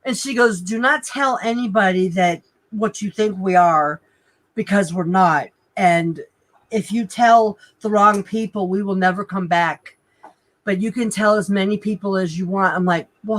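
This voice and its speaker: A woman in a casual podcast chat, excitedly telling a personal story with lots of exclamations. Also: mid-range voice, poor audio. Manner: excitable, animated, lots of "oh my God" and "like".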